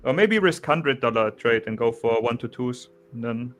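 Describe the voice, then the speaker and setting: A young man with a German accent, chatting casually about trading, relaxed, restarting sentences and saying "bro" a lot. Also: medium pitch, normal speed. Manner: relaxed, restarts often, says "bro" and "you know". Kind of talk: casual chat.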